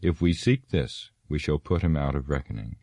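A stern old wizard, as a deep-voiced man puts him on speaks firmly and commandingly with a raised voice. The voice is very low and the recording is dry. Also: animated, moderate pace, gravelly, mellow, no echo, heavily acted.

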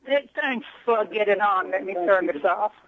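A man calling in to a radio show by telephone, earnest and halting as he searches for his words. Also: high-pitched, slight background noise. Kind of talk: phone-in call. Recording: tinny phone line.

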